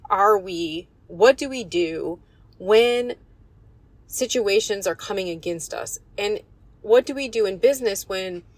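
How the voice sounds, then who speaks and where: A woman's voice: mid-range voice, big pitch swings, unhurried, gravelly, no echo. Woman, devotional Bible teaching, earnest, encouraging, dry close sound. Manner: earnest and encouraging, quotes scripture with emphasis. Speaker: Bible teacher and business coach.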